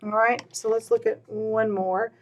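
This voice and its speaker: A woman, teaching a recorded Spanish grammar lesson, patiently repeating words slowly with "all right" and "um" between points. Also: on the high side, little pitch movement.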